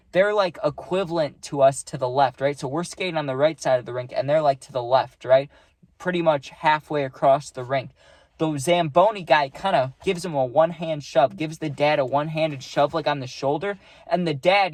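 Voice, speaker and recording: Young dude rambling thru a storytime, kinda high voice, dry close sound, lots of likes. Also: male voice, no room sound. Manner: rambling, filler-heavy, acts out the scene. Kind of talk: casual storytime.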